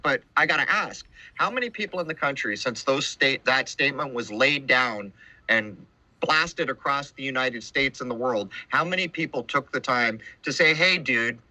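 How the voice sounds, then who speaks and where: A man's voice: medium pitch, bright, forceful tone, no room sound, low-quality recording. A man hosting a podcast conversation, making emphatic points and slipping into mock quoted voices. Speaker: podcast host. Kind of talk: casual conversation.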